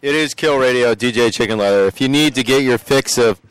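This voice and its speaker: A man's voice: mid-range voice, brisk, smooth, dry recording, low-quality recording. A man hosting a community radio show, rambling and joking on air. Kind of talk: casual on-air chat.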